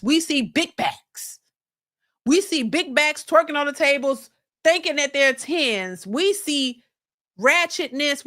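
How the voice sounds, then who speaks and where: A woman's voice: high voice, a bit bright. A woman host giving a blunt, opinionated commentary monologue to her viewers, full of casual slang and repeated points. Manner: blunt, preachy, addresses viewers as y'all. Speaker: reaction channel host.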